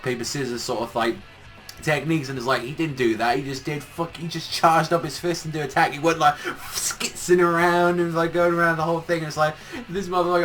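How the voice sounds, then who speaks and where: A man's voice: medium pitch, pushed and bright. A young man giving a casual spoken review, rambling and swearing while he mocks the voices of the characters. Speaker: anime reviewer.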